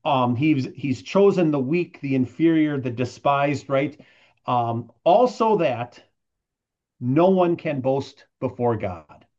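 A man's voice: medium pitch, animated, takes it slowly, darkish tone, lo-fi sound. A man giving a conversational verse-by-verse Bible teaching, often checking in with "right?" as he explains. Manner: conversational, tags points with "right?".

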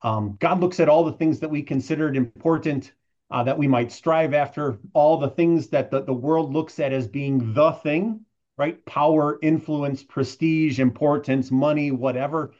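A man's voice: fairly high pitch, steady tone, normal speed, darkish tone. Man teaching Scripture, muffled lo-fi sound. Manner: conversational, tags points with "right?". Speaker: Bible teacher. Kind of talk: verse-by-verse Bible teaching.

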